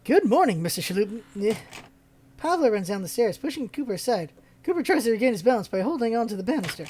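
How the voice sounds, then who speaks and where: A woman's voice: on the high side, expressive, very fast, darkish tone, a little hiss or hum. A woman hosting a let's-play, reading a visual novel's first-person narration with asides.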